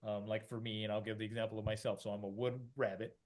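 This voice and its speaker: A man's voice: on the low side, little pitch movement, fast talker. A middle-aged man, a podcast co-host, explaining ideas in a rambling casual way, with many fillers and restarts, often acting out quoted voices.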